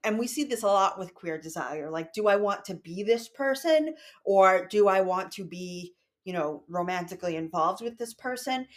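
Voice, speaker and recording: A woman co-hosts a casual book podcast in a wry, analytical way. Her pitch sits in the ordinary middle range. She moves between easy chat and reading passages from the novel aloud. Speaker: podcast co-host.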